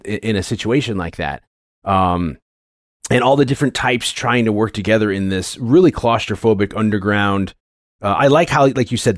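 Low-voiced man in his forties, rambling. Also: no room sound, clean studio sound. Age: 40s. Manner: rambling, animated, many fillers and restarts. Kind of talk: casual film discussion.

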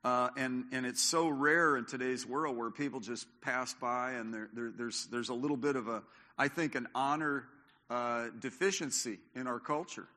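Older pastor with a bright voice. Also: male voice, mid-range voice, moderate pace. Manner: conversational, many fillers and restarts. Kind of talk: sermon. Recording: long hall reverb.

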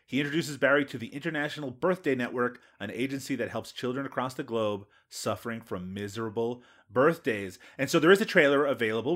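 A man's voice: mid-range voice, a bit bright. A man hosting a casual podcast, joking with his guests and reading out news items. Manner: jokey, reads news items aloud. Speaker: podcast host.

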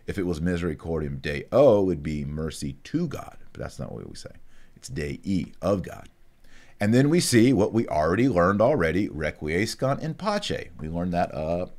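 Low-voiced male teacher, casual online lesson, slow careful Latin enunciation with conversational asides. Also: big pitch swings, a little mellow. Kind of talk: casual online lesson, reading and explaining prayers.

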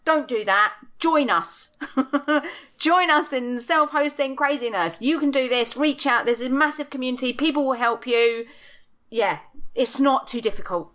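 A middle-aged woman co-hosts a podcast over a video call, her voice bright and pitched a little high. She rants with blunt, emphatic force and swears freely, in a casual chat style. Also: measured pace. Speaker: podcast co-host. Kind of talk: passionate casual rant.

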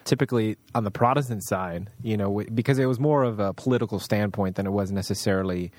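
A man co-hosting a podcast, explaining things in a quick, matter-of-fact way. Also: lowish voice, darkish tone, no echo. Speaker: podcast co-host. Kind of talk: casual conversation.

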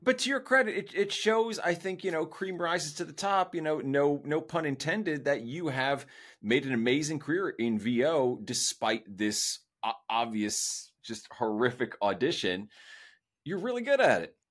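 A man's voice: fairly high pitch, normal speed. A man hosting a casual interview podcast, joking and laughing often. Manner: jokey, laughs often, lively delivery. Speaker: podcast host.

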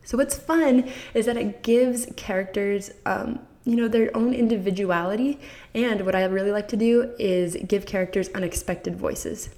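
An enthusiastic woman hosting a parenting podcast. Her delivery is bright and encouraging, and she talks directly to her listeners like a friendly coach. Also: mid-range voice, steady tone, normal speed. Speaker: podcast host. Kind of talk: upbeat parenting advice podcast.

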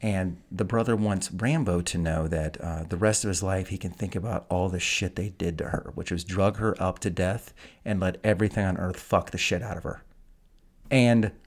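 A man's voice: deep voice, fairly even intonation, moderate pace. A man hosting a podcast, recapping a film in a casual, profane and incredulous rant. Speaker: podcast host. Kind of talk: casual film review chat.

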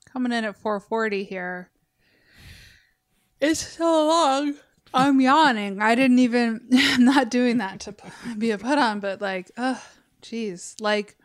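A woman's voice: mid-range voice, dry recording, clean studio sound. A woman co-hosting a podcast, chatting casually with candid, rambling asides and laughs. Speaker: podcast co-host. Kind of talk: casual chat.

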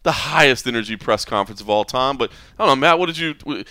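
A man hosting a podcast in casual chat, lively and rambling, with plenty of fillers and restarts. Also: medium pitch, fast talker, smooth, dry recording. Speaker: podcast host. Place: hotel or venue room.

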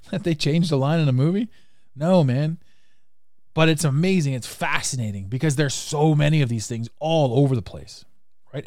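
A man's voice: on the high side, no room sound, clean studio sound. Rambling, laughing male podcast host. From Canada. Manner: rambling, animated, laughs often. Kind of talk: casual podcast monologue.

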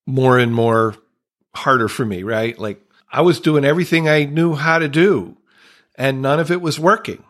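A man's voice: medium pitch, a bit bright. A man speaking as a podcast guest, earnest and reflective, candidly telling a personal recovery story and openly emotional at times.

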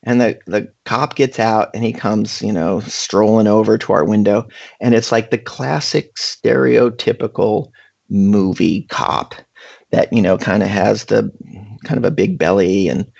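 A man telling a casual anecdote in a chatty, animated way, full of fillers. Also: fairly low pitch, measured pace, creaky, slightly rough, muffled recording. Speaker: guest storyteller.

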